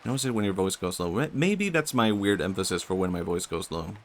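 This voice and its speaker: A young man with a Swedish accent and vocal fry, chatting softly and musing aloud while streaming a game. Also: low-pitched, lively intonation, fast, slight background noise. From Sweden. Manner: soft-spoken, musing, talks to chat. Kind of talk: casual game-stream chat.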